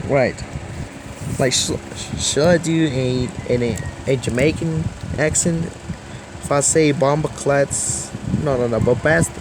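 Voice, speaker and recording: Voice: mid-range voice, animated, very slow, pauses often, noisy background. A vlogger talking in a casual, rambling way, swearing constantly and giggling between lines. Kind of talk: casual rambling vlog talk.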